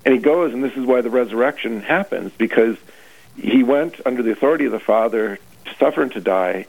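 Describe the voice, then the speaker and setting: Over a tinny, phone-like radio line, a priest leading a retreat preaches earnestly on a radio broadcast, often restarting his phrases. His gravelly voice is medium in pitch, fairly quick, with lively intonation.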